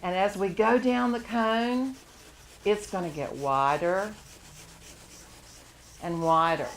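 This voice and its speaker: A woman's voice: mid-range voice, takes it slowly, slight background noise. A woman teaching a live charcoal drawing class to students, encouraging them and laughing often as she works. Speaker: art teacher.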